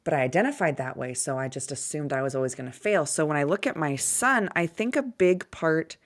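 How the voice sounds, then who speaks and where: Low-voiced candid woman guest. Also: brisk. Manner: candid, animated, self-deprecating humor. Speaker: podcast guest. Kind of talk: casual conversational interview.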